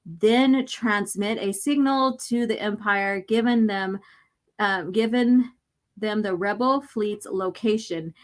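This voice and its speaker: A woman voicing a cold, commanding voice inside a man's head that gives slow, deliberate orders. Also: medium pitch, close to an everyday voice.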